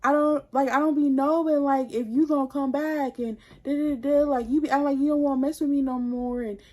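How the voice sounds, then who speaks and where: A flustered young boyfriend, pleading in broken, rambling phrases, put on by a woman retelling the story. His voice sits a little high and keeps trailing off into filler. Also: steady tone, very slow, dark tone.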